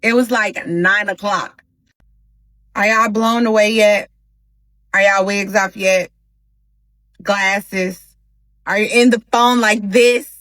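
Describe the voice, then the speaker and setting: A woman hosting a casual storytime vlog, talking straight to her viewers in an animated, slangy way. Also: mid-range voice, slow, long pauses, dry recording, poor audio. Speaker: storytime host.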